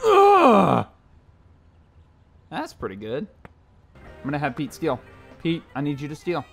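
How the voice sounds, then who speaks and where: Excitable young man yelling at a game. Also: on the high side, takes it slowly, creaky. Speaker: gameplay commentator. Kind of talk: casual game commentary. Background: game music.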